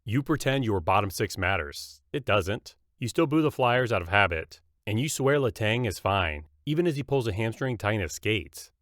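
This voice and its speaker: A man's voice: on the low side, normal speed, few pauses, dry recording. Dry mocking male roast narrator. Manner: mocking, punchy deadpan delivery. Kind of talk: scripted comedic roast narration.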